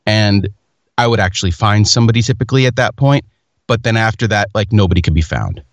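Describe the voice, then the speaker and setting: A man's voice: lowish voice, animated, fast talker, no echo. A man hosting a casual chat, telling rambling stories with self-mocking humor.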